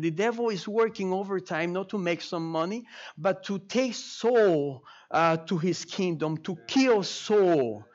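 High-voiced preacher. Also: male voice. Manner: halting, many restarts and fillers, addresses congregation directly. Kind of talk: sermon. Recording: muffled lo-fi sermon recording.

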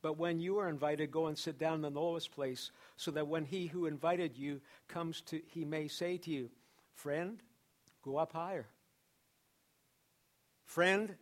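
A pastor preaching a sermon to his church, building emphasis through repeated phrases. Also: fairly high pitch. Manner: preaching with repetition and rising emphasis.

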